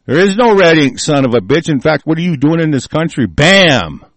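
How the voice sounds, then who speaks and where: A man's voice: on the high side, expressive, fast talker, dry recording. A man hosting a talk show, delivering a furious, profane and confrontational political rant.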